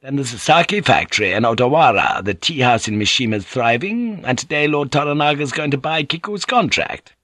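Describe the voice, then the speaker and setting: A man's voice: mid-range voice, animated, normal speed, few pauses, bright, forceful tone, no echo, voice pushed up. A man voicing a shrewd, earthy teahouse madam. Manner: knowing, chuckling. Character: shrewd, earthy older woman running a teahouse.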